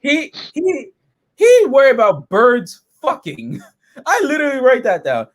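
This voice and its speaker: This episode reviewer has a very high-pitched voice and keeps a measured pace. His casual hosting is lively and meandering, peppered with free profanity.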